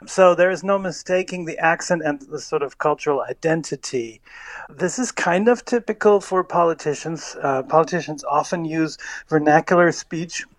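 A man, a linguistics professor, explaining speech patterns in a measured way as a radio interview guest. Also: on the high side, no room sound.

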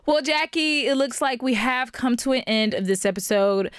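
A young woman with an East Texas accent co-hosting a podcast, casual, teasing and quick to laugh. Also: high voice, smooth, no room sound, studio quality, faint music behind. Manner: playful, teasing, laughs often. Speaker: podcast co-host. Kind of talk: casual chat.

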